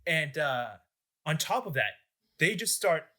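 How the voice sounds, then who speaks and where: A young man recounting history to friends in a casual, joking way. His voice is bright and pitched a bit high, and it swings widely as he talks, with lots of likes and ums. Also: measured pace. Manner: animated, joking, filler-heavy. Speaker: podcast host.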